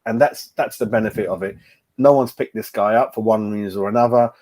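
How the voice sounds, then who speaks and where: A man's voice: on the low side, fairly quick, darkish tone. A middle-aged man runs a casual fan livestream. He talks in a chatty way, greets viewers by name and often repeats his words as he goes. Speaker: fan channel host.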